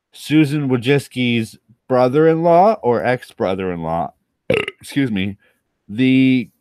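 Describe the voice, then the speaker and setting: A man's voice: fairly low pitch, clear, resonant tone, dry recording, studio quality. A tipsy man hosting his own channel, rambling through crude, self-mocking commentary as he drinks. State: tipsy from rum. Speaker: channel host.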